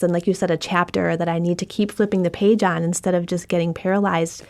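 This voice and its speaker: A woman's voice: fairly low pitch, steady tone, quick pace, hardly any pauses, darkish tone. A woman hosting a podcast interview, conversational and affirming, who sets up her questions at length. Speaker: podcast host.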